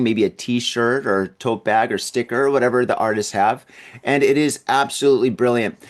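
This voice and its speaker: A male podcast host talking casually on his own at home, his voice sitting in an ordinary middle register. He wanders from thought to thought, doubles up his words, and breaks into easy chuckles. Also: mid-range voice. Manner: rambling, repeats words, chuckles often. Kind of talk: casual solo podcast monologue. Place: at home in an apartment building.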